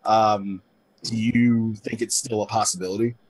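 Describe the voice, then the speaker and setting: A man's voice: fairly low pitch, level tone, normal speed, a little mellow. A man co-hosting a casual gaming podcast, rambling a little and repeating words as he works out his thoughts. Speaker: podcast co-host.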